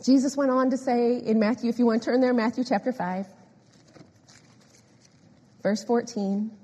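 A woman preaching a sermon, animated and emphatic, repeating phrases and often laughing. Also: on the high side, normal speed. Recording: echoey hall with long reverb.

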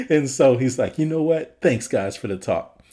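A man's voice: medium pitch, warm tone. A man co-hosting a podcast, casually retelling a film's scenes and laughing often. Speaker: podcast co-host. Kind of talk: casual film review chat.

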